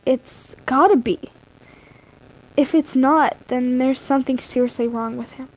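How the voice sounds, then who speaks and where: A woman's voice: high-pitched, steady tone, measured pace, a little mellow, poor audio. Chatty young woman reading a story. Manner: chatty, easily distracted, breaks off to joke. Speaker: livestreamer reading fan fiction. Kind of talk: casual live reading of a story.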